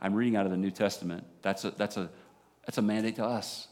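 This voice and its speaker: A man with a Southern American accent preaching a sermon as a pastor, animated, dropping low and quiet for emphasis. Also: quick pace. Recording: long hall reverb.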